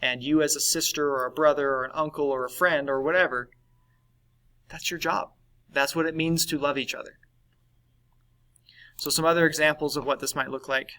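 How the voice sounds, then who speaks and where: A man's voice: on the high side, fairly even intonation, moderate pace, long pauses, sharp tone, rough recording. A man teaching a recorded lesson in a conversational way, often checking in with "right?". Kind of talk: recorded class lesson on validation.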